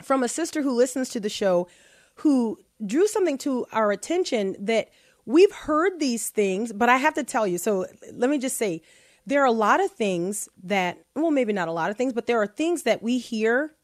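A woman hosting a faith-based talk show. She speaks in an animated way, often laughs and restarts her sentences. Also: on the high side, moderate pace, no echo, studio quality. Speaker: podcast host.

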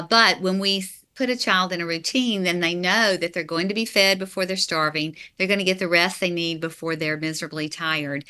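A woman's voice: on the low side, sharp tone, clean tone. A middle-aged woman, an author, answering interview questions earnestly, explaining step by step. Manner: earnest, explanatory, with light laughs. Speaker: author and parenting guest.

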